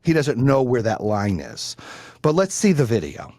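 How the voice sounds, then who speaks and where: A man's voice: mid-range voice, very animated, normal speed, darkish tone, no echo, studio quality. A man hosting a podcast, telling a story in a blunt, profane way that grows heated. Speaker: podcast host. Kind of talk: casual storytelling.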